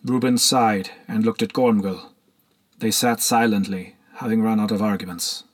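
A man narrating a scripted story in a steady, reflective way. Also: lowish voice, moderate pace.

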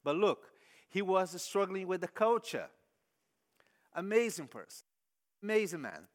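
A man preaching a sermon in English that is not his first language, telling stories with lively acted-out quotes. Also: sits high, measured pace, background noise. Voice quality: non-native English phrasing. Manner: animated storytelling, acting out quoted voices.

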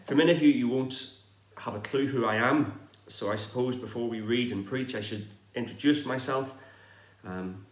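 Northern Irish pastor, echoey room. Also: male voice, medium pitch, normal speed. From Northern Ireland. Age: middle-aged. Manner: warm, chatty introduction, with frequent um fillers. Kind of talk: sermon. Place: recorded remotely for an online service.

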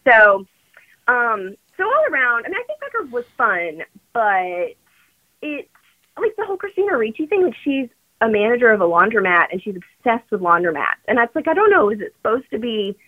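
A woman calling in to a podcast, chatting in an animated, rambling way with lots of fillers. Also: a little high, normal speed. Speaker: regular phone-in guest. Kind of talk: casual chat. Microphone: phone call. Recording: muffled phone line.

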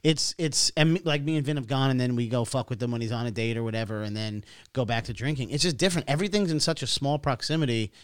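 A man's voice: mid-range voice, quick pace, hardly any pauses, smooth, no echo, studio quality. A man co-hosting a podcast, casually chatting and reading out donations with a laid-back, profane manner. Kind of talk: casual chat.

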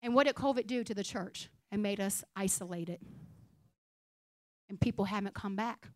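A young woman pastor preaching a conversational, humorous sermon in a blunt, animated way. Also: mid-range voice, moderate pace, no room sound. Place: church sanctuary.

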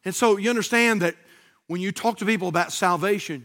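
Folksy pastor, high bright voice. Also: male voice, fairly quick. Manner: folksy, animated, says "man" often. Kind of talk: storytelling sermon.

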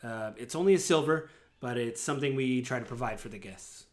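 A man's voice: mid-range voice, fairly quick, close to an everyday voice. Man playing a courteous male elf concierge. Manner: formal, accommodating.

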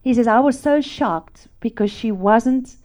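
A middle-aged woman from South Africa preaching a testimony sermon, animated and laughing, swinging from loud to hushed. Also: a little high, a little slow.

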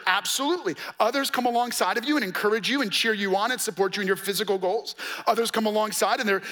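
A man's voice: high-pitched, sharp tone. A man preaching a sermon as pastor, conversational and coaching, with playful asides and rhetorical questions to the congregation.

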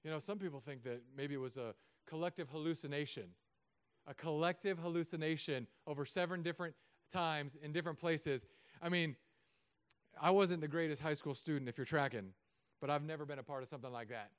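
Male pastor, sermon, smooth clear voice, fairly high, humorous storytelling, soft quiet stretches. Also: a little fast. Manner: animated storytelling with self-mocking humor; drops to soft, quiet tones.

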